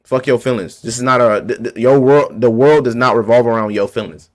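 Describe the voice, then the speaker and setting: A man's voice: mid-range voice, fairly quick. A man ranting to camera about politics, heated and confrontational, hammering his points by repeating them in blunt street slang. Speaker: vlogger.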